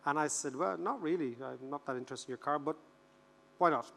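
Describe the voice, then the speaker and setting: An Irish man in his fifties giving a humorous conference keynote, animated and joking, repeating words for rhythm. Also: a little high, a little fast, creaky. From Ireland. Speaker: keynote speaker. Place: large conference hall. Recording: reverberant conference hall.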